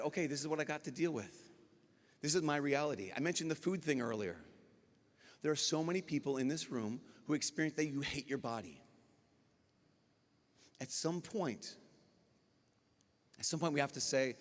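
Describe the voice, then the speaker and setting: A man, a priest speaking at a youth conference, giving a lively talk and acting out dialogue as he tells stories. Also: mid-range voice, moderate pace, pauses often. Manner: animated storyteller acting out dialogue. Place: large conference hall. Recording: long hall reverb.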